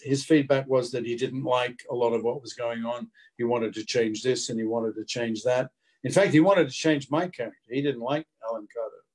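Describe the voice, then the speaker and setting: A man's voice: mid-range voice, a little mellow. Older Australian man telling stories. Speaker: guest actor. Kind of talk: anecdotal interview storytelling.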